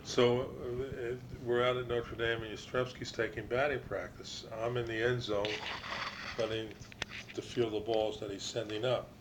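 A man's voice: medium pitch, flat delivery, normal speed, background noise. An older man, a former ballplayer, telling long anecdotes in a casual interview, with restarts and quoted voices.

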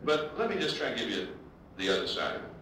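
A male baseball broadcaster telling lively anecdotes to an audience and acting out the quotes. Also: medium pitch, fast talker, noisy background. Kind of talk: storytelling speech to an audience. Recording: echoey hall, distant mic, audience laughter.

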